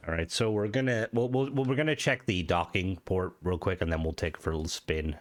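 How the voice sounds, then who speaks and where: A man with a stuffy, nasal voice from hay fever. He gives casual game commentary and thinks out loud, often restarting his sentences. His voice sits on the low side. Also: brisk, slight background noise. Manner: rambling, thinking aloud with restarts. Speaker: gaming video host.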